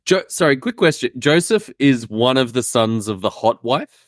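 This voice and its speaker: A man's voice: medium pitch, big pitch swings, moderate pace, no echo, clean studio sound. A man co-hosting a podcast in casual chat, hesitant and thinking aloud. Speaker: podcast co-host.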